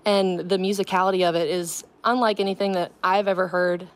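A woman's voice: on the low side, fairly even intonation, brisk. A young woman, a student actress, talking as a guest on a radio interview. She speaks in a bubbly, earnest way and laughs often.

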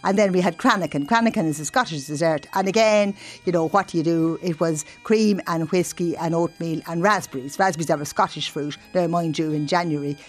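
Low-voiced older woman storyteller. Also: brisk, faint music behind. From Ireland. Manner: explains at length, good-humoured. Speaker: radio guest. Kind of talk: chatty storytelling.

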